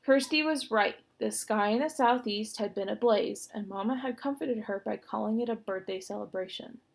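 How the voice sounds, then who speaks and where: A woman reading a children's novel aloud with expressive narration. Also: a little high, moderate pace, gravelly. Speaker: reader. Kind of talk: storybook read-aloud.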